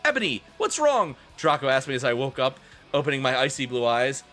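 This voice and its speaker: Male streamer, comedic dramatic reading, sarcastic and sweary, bright tone, faint rock music behind. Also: mid-range voice, flat delivery, quick pace. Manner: sarcastic, swearing, laughing asides.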